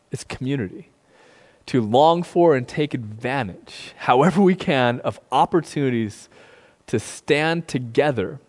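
A male pastor preaching a sermon in a relaxed, conversational way, often checking in with "right?". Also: medium pitch. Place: sanctuary streamed online. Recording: long reverb in a large room.

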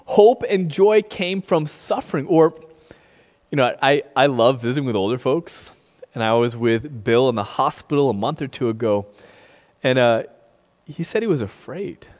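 Male pastor, conversational sermon, a bit high-pitched, lingering reverb of a big sanctuary. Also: darkish tone. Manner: conversational, often says "like" and "right?". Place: sanctuary streamed online. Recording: long reverb in a large room.

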